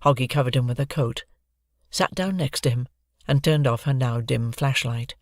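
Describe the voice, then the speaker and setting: An audiobook narrator reading a children's adventure novel in a lively, expressive manner, close to the microphone. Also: medium pitch, moderate pace, no echo.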